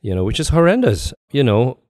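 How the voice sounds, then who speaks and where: A man's voice: medium pitch, very animated, a little fast, darkish tone. An older man from Singapore, speaking with a lightly British-tinted international English accent as an interview guest, earnest and reflective, with small laughs between thoughts. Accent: neutral international English, slight British tint. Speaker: guest actor. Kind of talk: casual interview chat.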